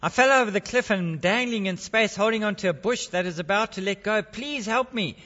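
A man's voice: sits high, a little fast, bright, forceful tone, big-room sound, muffled recording. A man voicing a panicked male tourist hanging from a cliff, pleading for help in a joke told during a sermon. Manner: pleading, frantic.

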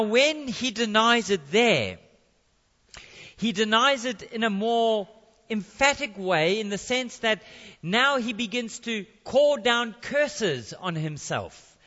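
A man's voice: extremely high pitch, bright, forceful tone, long reverb tail, muffled recording. A man preaching a sermon in a conversational way, with jokey asides.

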